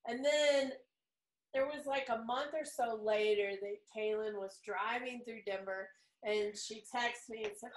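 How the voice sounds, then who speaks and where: A woman hosting a casual chat, telling stories in a lively way and voicing the people in them. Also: on the high side, unhurried. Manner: lively, acts out quotes in her stories. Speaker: host, spiritual center leader. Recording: echoey room.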